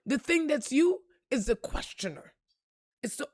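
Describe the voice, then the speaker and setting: A woman giving an unscripted motivational talk and telling a story straight to her viewers, blunt and profane, swinging between quiet asides and loud emphasis. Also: high voice, lively intonation, unhurried, dry recording, studio quality. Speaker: spiritual reader and motivational speaker.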